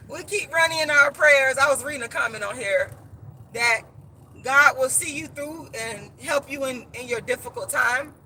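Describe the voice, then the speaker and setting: A woman's voice: high-pitched, moderate pace, sharp tone, slight background noise. A woman author and activist speaking straight to her viewers in an impassioned live-stream monologue, emphatic and preachy, repeating words as she gets worked up. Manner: speaks directly to viewers as "y'all".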